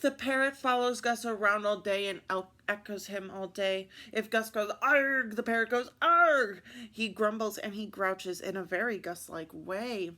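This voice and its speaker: A woman reading picture books aloud at story time, expressive and adding little asides to her listeners. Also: mid-range voice, normal speed, few pauses.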